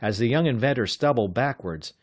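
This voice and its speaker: A man narrating an adventure audiobook in a measured, steady reading. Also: mid-range voice, no echo. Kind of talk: scripted narration.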